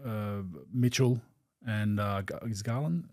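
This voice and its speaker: A man's voice: fairly low pitch, slow pace, a little mellow, no room sound, studio quality. A man with an Australian accent, hosting a podcast in casual chat, laid-back and trailing off. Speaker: podcast host.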